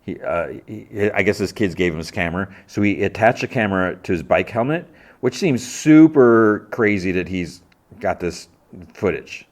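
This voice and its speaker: A man's voice: lowish voice, lively intonation, moderate pace. A man hosting a podcast, casually recapping a TV episode in a rambling way, with lots of "like" and restarts. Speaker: podcast host.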